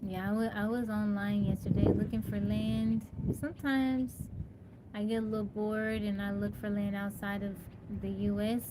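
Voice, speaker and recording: A woman chats easygoingly on a live stream, greeting her viewers by name in an even, level voice that barely rises or falls. She talks outdoors into a phone mic. A clearly audible hum of outdoor ambience sits behind her. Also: mid-range voice, moderate pace. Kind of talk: casual live-stream chat.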